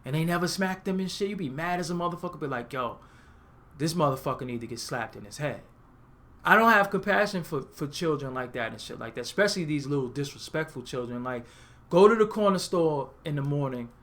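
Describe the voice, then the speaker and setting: A man from Brooklyn with a New York accent, hosting a comedic, profane rant show, blunt and animated. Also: on the high side, fast. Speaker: host.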